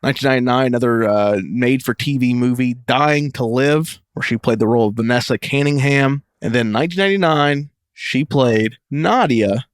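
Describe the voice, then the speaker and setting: A man co-hosting a casual movie podcast, trading loose, profane remarks with a friend. His voice sits at an ordinary middle pitch. The recording is close and dry, with no room sound. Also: moderate pace, hardly any pauses, clean tone, no echo. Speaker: podcast co-host. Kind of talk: casual movie commentary chat.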